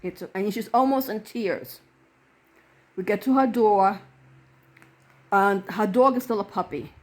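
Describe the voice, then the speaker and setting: A woman's voice: medium pitch, unhurried. A woman reverend telling a personal story to camera in an earnest way, acting out the quoted dialogue.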